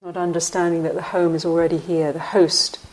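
A woman meditation teacher giving a dharma talk in a slow, reflective way with frequent pauses. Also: on the low side, flat delivery, low-quality recording.

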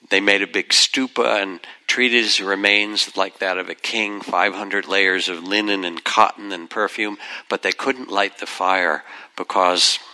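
An older man leads a dharma talk, telling old teaching stories gently and without hurry. His voice sits very low with a gravelly edge. Even so, the tone comes across bright and forward. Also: rough recording. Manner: gentle, unhurried, reflective, softens into asides. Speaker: meditation teacher.

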